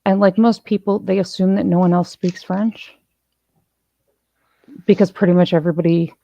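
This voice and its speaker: A woman's voice: fairly low pitch, steady tone, moderate pace, creaky, warm tone, no echo, dull audio. A woman host in casual chat, telling a rambling story full of restarts. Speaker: channel host.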